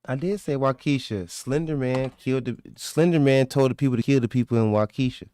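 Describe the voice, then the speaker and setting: A man in a casual, profane chat, arguing loudly and cursing freely. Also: medium pitch, a little fast. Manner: loud, profane, argumentative. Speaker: stream host.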